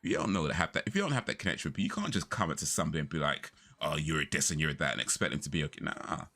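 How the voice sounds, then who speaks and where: A man's voice: a bass voice, animated, very fast, pushed and bright. A young man chatting casually on a live stream, rambling through stories and laughing often.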